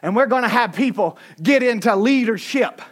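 A man preaching a sermon in a fiery style, often shouting with rising pitch, with a Southern American accent. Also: expressive, moderate pace.

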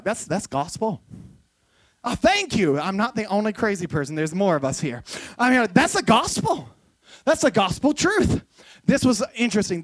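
A woman's voice: mid-range voice, no echo. A woman pastor with a Southern American accent, preaching a sermon with folksy stories that build to emphatic passages.

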